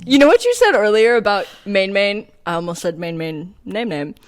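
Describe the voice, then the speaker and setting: A woman's voice: medium pitch, lively intonation, normal speed. A woman co-hosting a podcast in playful, self-mocking casual chat. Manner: playful, self-mocking, does silly voices. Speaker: podcast co-host.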